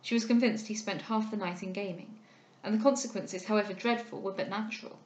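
A woman reads a classic novel aloud in a measured, steady voice. Her pitch sits in the middle range, and the recording carries a noticeable roomy echo. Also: muffled recording. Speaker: audiobook reader.

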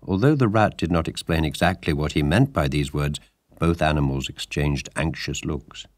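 A man narrating a storybook audiobook in a measured, lively storytelling manner. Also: very deep voice, no echo, studio quality.

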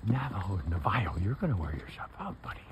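A man's voice: fairly low pitch, big pitch swings, quick pace, heavy background noise. A man filming his horses outdoors by a paddock, chuckling as he comments, calling out to them and speaking their thoughts aloud in a casual way.

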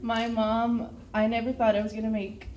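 A woman's voice: on the high side, level tone, normal speed, darkish tone, slight background noise. A teenage girl with a Texan accent, a cheer captain giving a nervous, tearful thank-you speech. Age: teens. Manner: nervous, tearful, laughing between words. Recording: echoey room.

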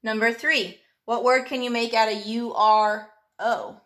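Woman, teacher, phonics lesson, patient, sounds out letters, slow pace. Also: fairly high pitch, fairly even intonation, a bit bright. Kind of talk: reading a phonics workbook lesson to a child.

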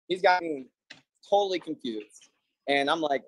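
A man's voice: mid-range voice, moderate pace, dry recording, low-quality recording. Rambling man on a video call. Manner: long-winded, meandering, filler-heavy. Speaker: defendant in a court hearing. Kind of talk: rambling joke storytelling.

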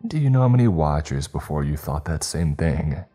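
A man's voice: very deep voice, expressive, normal speed, dark tone, husky, soft background music, exaggerated voice. A man voicing a mocking, spiteful inhuman woman who leads a band of killers. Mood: taunting. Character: taunting inhuman female killer leader.

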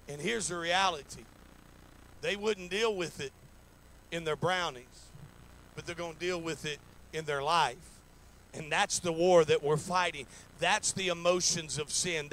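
A man's voice: high voice, fairly bright tone, a little hiss or hum, low-quality recording. A man preaching a sermon in a folksy, repetitive way, acting out little stories in quoted voices. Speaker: pastor. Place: church sanctuary.

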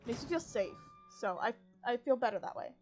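A woman's voice: fairly high pitch, animated, brisk, darkish tone, faint music behind. Chatty woman streamer, wry self-talk. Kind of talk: casual gameplay commentary.

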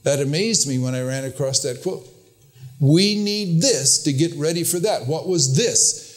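A man's voice: expressive, unhurried. An older man preaching a sermon, telling stories and quoting others in an earnest, emphatic way. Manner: storytelling, quoting with raised pitch, earnest and emphatic.

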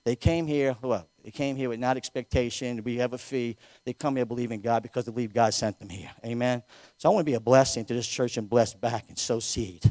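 A man's voice: mid-range voice, steady tone, brisk, a little mellow, no echo. A man, a local pastor taking an offering and praying fervently, repeating amen often. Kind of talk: sermon offering and prayer. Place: church sanctuary.

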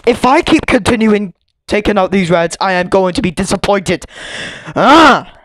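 A woman giving casual commentary while she plays a game show video game, reacting loudly to each result and getting easily annoyed. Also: mid-range voice, normal speed.

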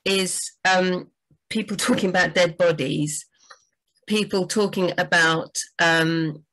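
A woman's voice: on the low side, slow, fairly bright tone, rough recording. A woman, a book doctor, giving enthusiastic, chatty writing advice on a livestream. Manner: enthusiastic, chatty, frequent fillers.

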